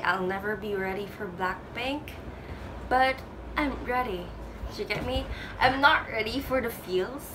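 A woman DJ reacting to a music video in a casual vlog, gushing with excited exclamations. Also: mid-range voice, background noise. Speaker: DJ and reaction vlogger. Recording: music video playing loudly behind the voice. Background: music video playing.

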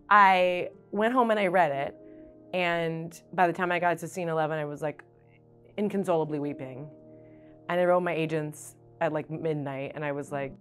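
A middle-aged actress speaking earnestly and reflectively, full of fillers, restarts and sudden bursts of energy. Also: female voice, deep voice, fairly even intonation, moderate pace, a bit bright, faint music behind. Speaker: stage actress. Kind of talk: reflective interview monologue.

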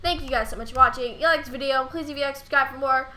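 Chatty bright-voiced girl gamer. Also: high-pitched, rapid-fire. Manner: chatty, rambling, bursts of loud excitement. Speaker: gaming YouTuber. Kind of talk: casual let's play commentary.

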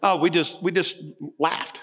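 A man in his sixties preaching a sermon as pastor, telling stories in a lively way and acting out both sides of conversations. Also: on the high side, unhurried. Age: 60s. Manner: animated storytelling, acting out dialogue.

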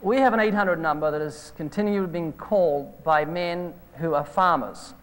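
Captured on old videotape with hall reverb, an evangelist preacher with a high voice gives a sermon woven with anecdotes. He talks at normal speed, telling stories and animatedly reenacting phone calls.

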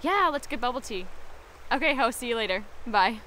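A woman's voice: fairly high pitch, expressive, brisk, sharp tone, slight background noise. A young woman in a student sketch comedy, playing a chatty, gossipy girl who keeps talking on the phone. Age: young adult.

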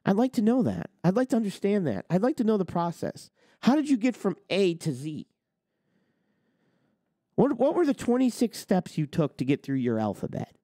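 A man's voice: high-pitched, big pitch swings, moderate pace, mellow, no room sound, studio quality. A man hosting a trucking talk channel, ranting with heated sarcasm and swearing. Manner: heated, sarcastic, swears, mocks others in put-on quotes. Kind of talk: ranting opinion monologue.

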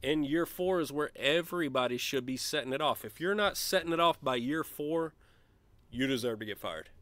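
A man streaming a college basketball management game, chatting casually and shouting gleeful trash talk when his team wins. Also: medium pitch, normal speed, no echo. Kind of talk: let's play commentary.

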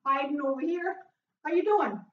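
A high-voiced fitness instructor cheers on a home workout at normal speed, upbeat and encouraging, with frequent whoops. She is out of breath, and the recording sounds dull and echoey, with her standing far from the mic.

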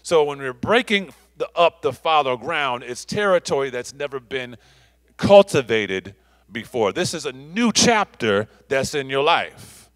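Emphatic, slow-preaching pastor with a bright voice. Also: male voice, mid-range voice, big pitch swings, no room sound. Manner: emphatic preaching, stretching key words and repeating phrases. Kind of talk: sermon. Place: church sanctuary.

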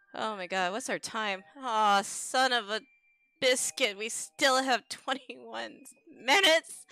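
A woman's voice: a little high, slow, bright, forceful tone, faint music behind. A woman streaming a game in casual chat, giggling often and swapping swears for silly stand-in words.

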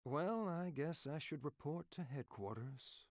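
A woman's voice: sits low, animated, measured pace, a little mellow, dry recording, clean studio sound. A woman voicing a flustered young female officer who stammers when startled.

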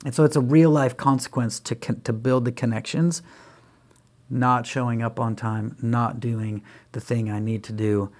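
A middle-aged man appears as a podcast guest, speaking at a normal pace in a mid-range voice. He tells parenting stories in a conversational, animated way, acting out the lines he says to his kids.

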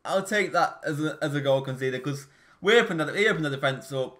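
Fairly high in pitch and brisk in pace, this young YouTube gamer calls the action of his own football video game matches as they happen, his excitement veering between groans and yells.

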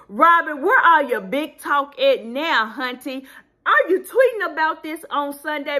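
A woman giving casual, sassy commentary as a reality TV recap vlogger, talking animatedly. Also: sits high. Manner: sassy, animated, does voices when quoting people.

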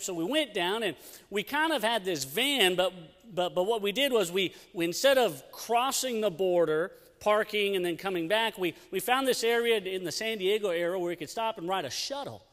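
A middle-aged youth pastor with a high voice tells an animated story during a sermon, restarting himself often. He speaks into a pulpit mic in a church sanctuary, and the recording has long church hall reverb.

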